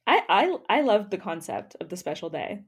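A woman co-hosting a casual podcast, chatty and expressive, laughing often while reacting to a reality show. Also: on the low side, brisk, slightly rough. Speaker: podcast co-host.

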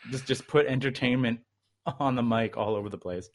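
A man's voice: medium pitch, a little fast. A man telling a long story in casual chat, rambling with lots of fillers.

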